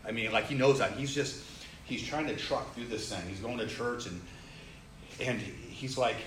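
Animated man telling a story in an echoey room. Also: medium pitch, normal speed. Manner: animated, acts out quoted people, rising excitement. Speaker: storyteller sharing a testimony. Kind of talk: casual storytelling. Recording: roomy echo, faint ambient noise.

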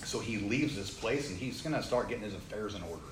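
A man casually telling a story, acting out the people he quotes, with growing excitement. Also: on the low side, quick pace. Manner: animated, acts out quoted people, rising excitement. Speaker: storyteller sharing a testimony. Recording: roomy echo, faint ambient noise.

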